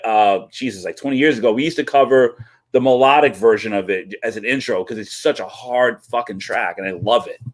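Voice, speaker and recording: A man's voice: mid-range voice, a little fast. A man presenting a weekly album segment on a talk show, casual and informal. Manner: informal, casual, with many fillers.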